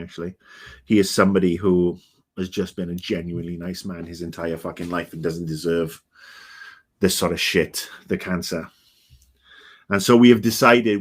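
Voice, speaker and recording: A man in his fifties hosting a livestream, chatting in a rambling, grumpy, swearing way full of ums and uhs. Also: low-pitched. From Britain. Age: 50s. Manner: rambling, grumpy and profane, with many fillers. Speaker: livestream host. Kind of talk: casual chat.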